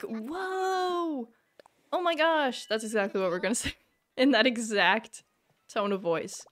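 A woman streamer chatting excitedly with her viewers during a live game stream, laughing often. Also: on the high side.

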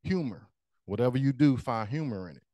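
A man's voice: medium pitch, expressive, brisk, warm tone, no room sound. A man giving a short, humorous storytelling speech as joke master at a speaking club meeting.

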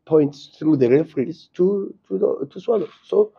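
A man's voice: on the high side, lively intonation, moderate pace, creaky, husky, muffled recording. A South African man, a football coach at a post-match press conference, speaking with passion and frequent stammering restarts. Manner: impassioned, repetitive, stammering restarts.

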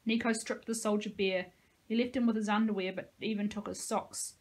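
Casting: woman teacher reading a novel aloud, dramatic and expressive, mid-pitched voice. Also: fairly quick, low-quality recording.

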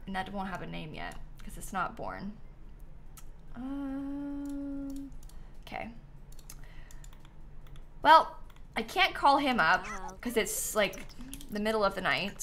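Bright, lively young woman streaming a game. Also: mid-range voice, a little hiss or hum. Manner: chatty and animated, laughing and talking to the game. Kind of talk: casual live-stream gameplay chat. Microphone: headset.

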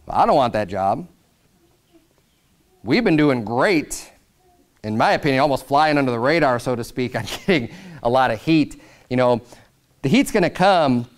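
A man's voice: medium pitch, expressive, moderate pace, pauses often. A man preaching a sermon as pastor, talking conversationally and growing emphatic as he reads scripture.

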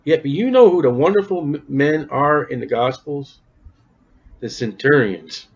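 Male preacher, fairly high voice, folksy and emphatic, dull lo-fi recording. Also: expressive, unhurried, slightly rough. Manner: folksy, emphatic, calls out to the congregation. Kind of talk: sermon. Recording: dull lo-fi sound.

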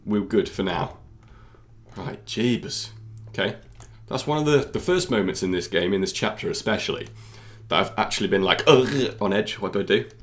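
A man's voice: on the low side, expressive, normal speed, fairly bright tone. A young British man giving jumpy, exclamatory let's-play commentary, full of jokes, as a gaming YouTuber.

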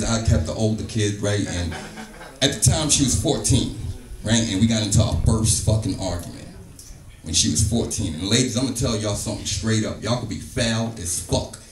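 A man doing a stand-up comedy set in a club, telling a profane story with lively acted-out quotes. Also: lowish voice, moderate pace. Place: comedy club stage, live audience. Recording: echoey club, distant mic, music behind.

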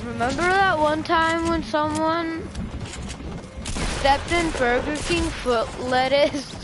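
A woman giving gameplay commentary, full of profane, excitable trash talk. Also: high voice, slow pace. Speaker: gamer. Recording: noisy game audio behind. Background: game sounds and gunfire.

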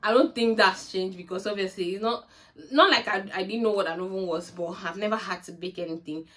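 A woman's voice: medium pitch, fast. A woman from Nigeria with a Nigerian accent, telling a personal story in a storytime vlog and acting out the dialogue. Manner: animated storytelling that acts out remembered dialogue. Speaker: vlogger.

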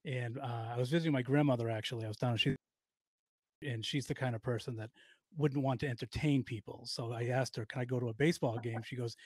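Brief: Boston-accented podcast host, rambling and excitable, quick delivery, dry close sound. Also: male voice, medium pitch, breathy edge, no room sound. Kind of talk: casual interview chat.

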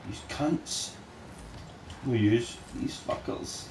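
A man swearing and shouting at opponents while playing a game with a friend. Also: medium pitch, drawn-out words. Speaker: gamer recording his play. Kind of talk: casual gaming chat with a friend. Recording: roomy sound with faint noise.

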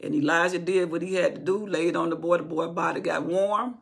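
Raspy, gravelly woman retelling Bible stories. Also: lowish voice, steady tone, fairly quick. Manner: retells from memory, acting out quoted speech. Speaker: Bible teacher. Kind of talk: informal Bible storytelling.

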